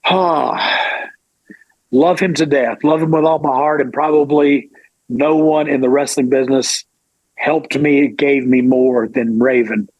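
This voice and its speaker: A middle-aged man, a former pro wrestler, telling a lively story in an interview. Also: mid-range voice, unhurried, dry recording, muffled recording. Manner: animated, acts out quoted voices.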